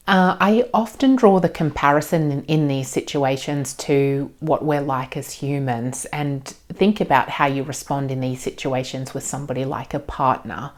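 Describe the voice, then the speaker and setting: Woman, child psychologist and parent, low voice, calm and gentle, explains step by step with ums.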